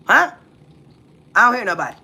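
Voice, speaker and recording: A woman's voice: mid-range voice, big pitch swings, brisk, sharp tone, slightly rough. A woman from the United States hosting a livestream, talking bluntly and profanely and throwing rhetorical questions at her viewers. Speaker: livestream host. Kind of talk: casual livestream talk.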